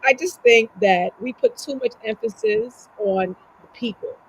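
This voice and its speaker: A woman's voice: on the high side, unhurried, a little hiss or hum, low-quality recording. A woman who is a life coach and podcast guest, talking earnestly and motivationally, asking herself rhetorical questions. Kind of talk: casual conversation.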